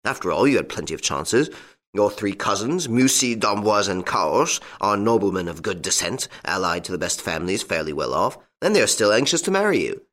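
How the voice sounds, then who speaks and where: A man's voice: fairly low pitch, sing-song, brisk, a bit bright. A man playing a proud, wrathful old aristocrat, blustering and indignant. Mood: scolding.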